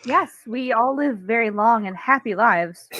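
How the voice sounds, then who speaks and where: A woman's voice: a little high, a little slow, highs cut off. A woman player in a tabletop game, wry and joking. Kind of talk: tabletop play banter.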